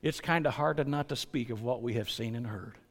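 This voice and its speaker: A man preaching a sermon as pastor, earnest and building to loud, emphatic stresses. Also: mid-range voice, a little fast, big-room sound.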